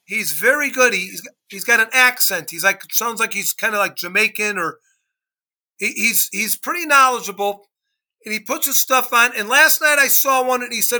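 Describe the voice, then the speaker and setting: A man's voice: extremely high pitch, normal speed, pushed and bright. A man co-hosting a sports history podcast, talking emphatically and driving his points home with repeated "okay?". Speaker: podcast co-host. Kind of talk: casual sports chat.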